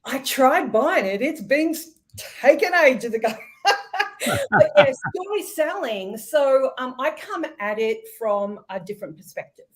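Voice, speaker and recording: A woman from Australia with an Australian accent, a sales expert explaining her ideas in an interview, thoughtful and measured. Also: high-pitched, very animated. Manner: thoughtful, measured, with ums and light laughs. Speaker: podcast guest, sales expert.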